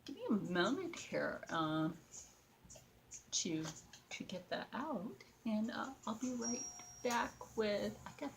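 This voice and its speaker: A woman's voice: mid-range voice, expressive, takes it slowly, gravelly, slight background noise, poor audio. A young woman chatting casually as she works on a craft project, rambling and talking to her viewers and to a doll. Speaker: craft vlogger.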